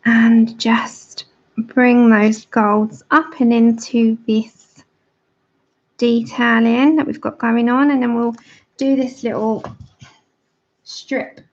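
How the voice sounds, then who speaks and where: A woman's voice: a little high, level tone, slow pace, long pauses, a little mellow. An English woman hosting a livestream, chatting casually and explaining each step as she colours. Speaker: livestream host. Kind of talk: casual chat while colouring. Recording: dull lo-fi livestream audio.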